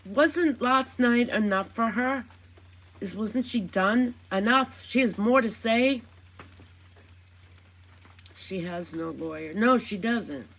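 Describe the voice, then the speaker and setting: A woman's voice: a little high, slow pace, long pauses, a bit bright. A woman hosting a casual commentary vlog, talking in a chatty, indignant, gossipy way. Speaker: commentary channel host.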